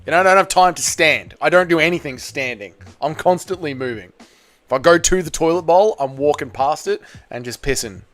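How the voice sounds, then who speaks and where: Hosting a laid-back fight watchalong, this man speaks a little fast in a voice on the high side. His live-stream commentary mixes reading out chat messages with plenty of swearing, and his loose, profane manner breaks into shouting whenever something big happens.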